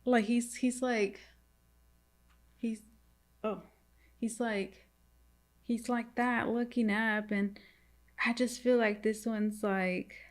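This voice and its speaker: Flat-voiced woman giving a tarot reading. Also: on the high side. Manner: halting and repetitive, keeps addressing viewers. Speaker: tarot reader. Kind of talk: casual tarot reading to viewers.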